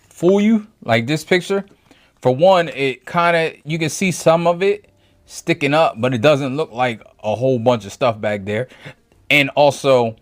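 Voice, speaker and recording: A man in a mid-range voice talks through a toy review at a table in his home setup. He rambles and thinks aloud, often stopping to rephrase himself. His delivery is casual and conversational, never scripted. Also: mid-range voice. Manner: rambling, thinks aloud, frequent self-corrections.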